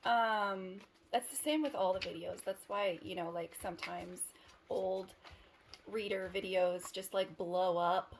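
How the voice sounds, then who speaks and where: Woman tarot reader, chatty and meandering with frequent giggles, average pitch, faint hiss behind her. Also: unhurried. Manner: rambling, giggly, self-interrupting. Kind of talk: casual tarot reading to camera.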